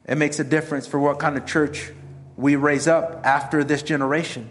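A man's voice: a little high, level tone, moderate pace. A middle-aged man preaching a conversational sermon as a pastor, mixing self-mocking humor with earnest exhortation. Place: church sanctuary.

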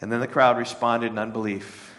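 A man preaching a sermon in a conversational way, often checking in with "right?" and voicing the crowd's lines in a higher, animated tone. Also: fairly quick. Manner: voices the crowd's lines in a raised, animated pitch. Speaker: pastor.

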